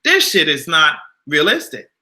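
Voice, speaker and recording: Animated man ranting on a livestream. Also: fairly high pitch, unhurried. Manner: animated, exasperated, profane, talks back to chat. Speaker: YouTube livestream host. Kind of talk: casual livestream rant.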